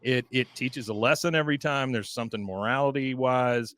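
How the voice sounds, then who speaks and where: A man hosting a podcast, telling stories in a casual, animated way with lots of fillers. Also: mid-range voice, fairly quick. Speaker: podcast host.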